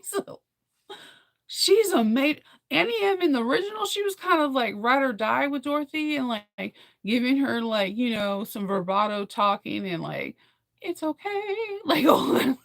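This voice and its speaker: Young woman vlogger, rambling and animated, a bit high with some fry. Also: moderate pace, dry recording, studio quality. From United States. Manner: rambling, animated storytelling with many fillers and laughs. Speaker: vlogger recapping a film. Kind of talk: casual chat.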